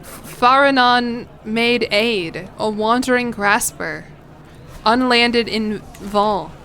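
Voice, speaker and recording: Chatty woman streamer, lightly high voice. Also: fairly bright tone, slight background noise. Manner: chatty, swearing, quick reactions and laughs. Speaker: streamer playing a strategy game. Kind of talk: casual gameplay commentary.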